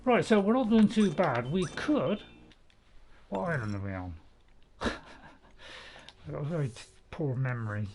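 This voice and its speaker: A man in his seventies giving casual, rambling commentary as he plays a game, chatty and quick to joke at his own expense. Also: fairly high pitch, very animated, a little mellow, slight background noise, poor audio. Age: 70s. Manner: rambling, chatty, joking and self-mocking. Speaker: gaming channel host.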